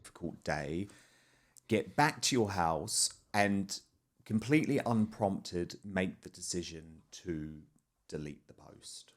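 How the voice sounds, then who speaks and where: A man's voice: sits low, lively intonation, takes it slowly. A man interviewing on TV, feeding sympathetic, leading questions.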